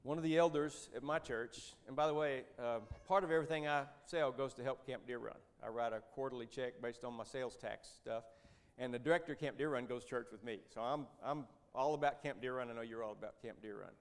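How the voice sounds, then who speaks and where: Speaking fairly quickly in a medium-pitched voice with hardly any pauses, a Christian businessman in his fifties gives a storytelling church talk as a lay speaker. He comes across as a folksy, conversational storyteller with dry humor and joking asides.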